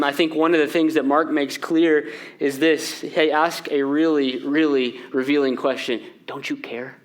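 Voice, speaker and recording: A man pastor, preaching a sermon in a church, moving between lively, raised passages and hushed, quiet ones. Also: on the high side. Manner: animated, shifting from loud to hushed. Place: church sanctuary.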